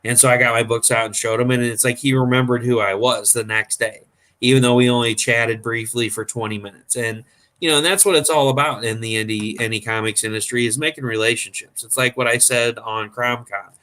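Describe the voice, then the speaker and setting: A man's voice: medium pitch, fairly even intonation, a little fast, sharp tone. A man hosting a casual chat, telling long rambling convention stories full of fillers. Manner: rambling storyteller, acts out quoted voices. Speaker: host.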